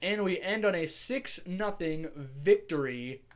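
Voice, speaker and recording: Casting: man, slightly high voice, casual chatty gameplay commentator thinking out loud. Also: expressive, unhurried. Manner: chatty, musing aloud while playing. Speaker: gaming channel host.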